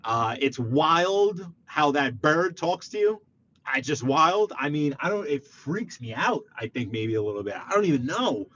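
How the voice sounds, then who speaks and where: A man from Brooklyn with a New York accent, hosting a rambling, animated live stream from his parked car and talking straight to his viewers. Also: a little high, a little slow, highs cut off. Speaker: livestream host. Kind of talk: casual live-stream chat while driving. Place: parked car on a city street.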